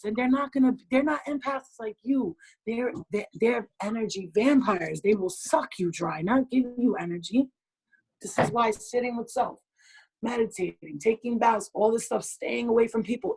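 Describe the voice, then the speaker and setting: A woman's voice: on the high side, darkish tone, husky, rough recording. A woman hosting a group video call, giving blunt advice in casual chat, swearing freely and laughing often.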